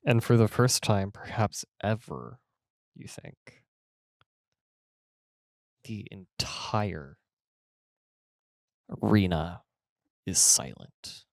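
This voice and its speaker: Game master, deep voice, vivid second-person narration, dry mic. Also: male voice, animated, extremely slow, vocal fry, long pauses, dry recording.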